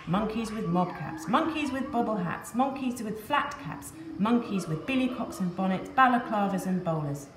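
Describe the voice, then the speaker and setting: Woman reading a kids story, really animated, echoey room, faint hum behind. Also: medium pitch. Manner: lively, expressive, repeating rhythmic lists. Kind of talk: storybook narration for children.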